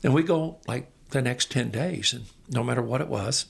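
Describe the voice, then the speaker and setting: A man in his sixties, a basketball coach, telling animated stories as a podcast guest and getting amped up as he goes. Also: mid-range voice, moderate pace, creaky, slightly rough. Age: 60s. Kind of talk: storytelling in an interview.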